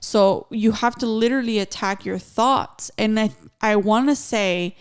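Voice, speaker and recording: A woman with a smooth, clear voice co-hosts a casual podcast. She talks in an earnest, reflective way, now and then dropping in a Spanish phrase. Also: mid-range voice, measured pace. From Mexican-American. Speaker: podcast co-host.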